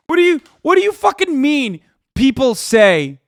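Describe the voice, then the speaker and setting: A man's voice: extremely high pitch, big pitch swings, takes it slowly, no room sound, studio quality. A man streaming live, reacting to a speech with exasperated, profane commentary.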